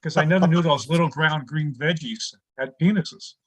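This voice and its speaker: A man from New York doing pun-based stand-up over a video call, delivering deadpan one-liners. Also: on the high side, normal speed. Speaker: stand-up comic.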